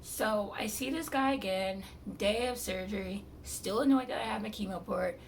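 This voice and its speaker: Exasperated gravelly woman telling her story. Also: medium pitch, normal speed, recorded from a distance, a little hiss or hum. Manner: exasperated, blunt, swears while retelling. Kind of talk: storytime vlog.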